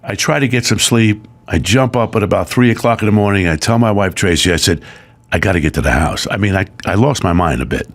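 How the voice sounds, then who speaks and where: A middle-aged man, a guest, telling a personal story in casual chat, emotional and animated. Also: low voice, a little fast.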